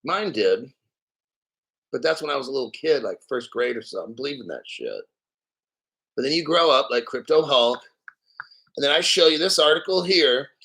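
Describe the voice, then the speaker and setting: A man hosting a crypto show, ranting in crude, profane, sarcastic commentary and reading articles aloud slowly. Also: mid-range voice, lively intonation, vocal fry, pushed and bright, low-quality recording. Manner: reads articles aloud slowly, mocks others in silly voices.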